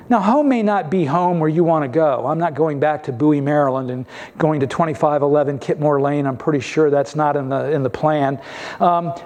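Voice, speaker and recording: A male pastor delivering a sermon, telling stories with gentle humor and stressing key points with a rising voice. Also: high-pitched. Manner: storytelling preacher with gentle humor.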